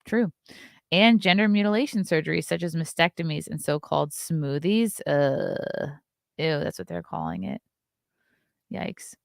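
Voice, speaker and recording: A woman's voice: on the low side, unhurried, creaky, dry recording, studio quality. A woman in her thirties hosting a casual morning talk stream, reading news and answering chat comments with blunt opinions. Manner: chatty and opinionated, reacts to chat, yawns often.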